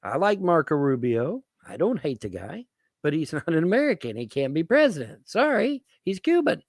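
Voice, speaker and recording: A man's voice: fairly high pitch, very animated, moderate pace, dry recording. A man ranting to his viewers as a vlogger, swearing, repeating himself and asking rhetorical questions. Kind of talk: rambling political rant to camera.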